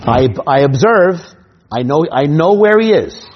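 A husky-voiced man with a New York accent gives a punchy instructional talk on running a hypnosis show. He keeps checking in with "right?" and acts out little scenes. The sound is a bit dull and lo-fi. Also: fairly high pitch, expressive, unhurried. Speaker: stage hypnotist teaching other performers.

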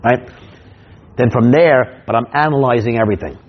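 A husky-voiced man with a New York accent gives a punchy instructional talk on running a hypnosis show. He keeps checking in with "right?" and acts out little scenes. The sound is a bit dull and lo-fi. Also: medium pitch, animated, normal speed. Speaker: stage hypnotist teaching other performers.

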